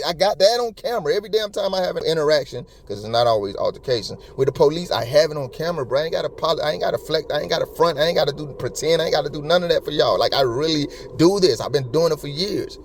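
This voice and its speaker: Slangy fired-up man, slightly high voice. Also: fast talker, hardly any pauses. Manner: slangy, keeps calling listeners homie and bro; passionate and repetitive. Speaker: true-crime YouTube commentator. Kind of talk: heated casual commentary.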